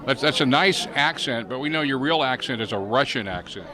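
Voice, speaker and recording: A man's voice: mid-range voice, animated, fairly quick. A man, a former chief engineer, interviewing an old colleague in a genial, teasing way at an outdoor reunion. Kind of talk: casual interview chat. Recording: crowd chatter outdoors.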